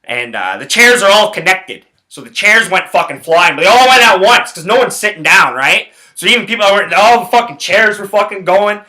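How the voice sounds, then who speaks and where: A man's voice: high-pitched, brisk, few pauses. Swearing young man telling a wild story. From Canada. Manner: profane, rambling, animated retelling. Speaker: podcast host. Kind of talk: casual storytelling.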